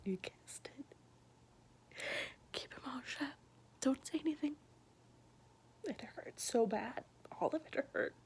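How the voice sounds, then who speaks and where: Young woman whispering slow, super breathy airy voice, halting and intimate. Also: sits high, expressive, darkish tone. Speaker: vlogger sharing her past. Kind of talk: whispered personal storytelling.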